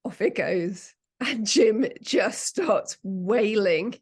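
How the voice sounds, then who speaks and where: A woman's voice: mid-range voice, very slow, husky. Chatty English woman telling funny stories. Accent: British English. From England. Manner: animated storytelling, laughs and swears freely. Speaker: podcast co-host. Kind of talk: casual chat.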